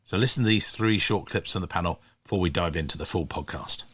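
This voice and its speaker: Upbeat male podcast host, lower voice. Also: quick pace, a bit bright. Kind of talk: scripted podcast introduction.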